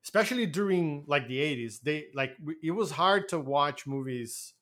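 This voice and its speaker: A man's voice: a little high, normal speed. A man whose first language is Portuguese, co-hosting a podcast in casual chat and telling jokey stories with casual swearing. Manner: animated, joking storyteller who swears casually. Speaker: podcast co-host.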